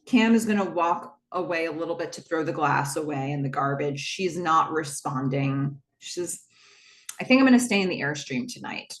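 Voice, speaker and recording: A young adult woman hosting a podcast, recapping a TV episode in casual narration, acting out the characters' lines with quick jumps in pitch, full of fillers and self-corrections. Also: expressive. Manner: acts out quoted lines with a quick shift of pitch.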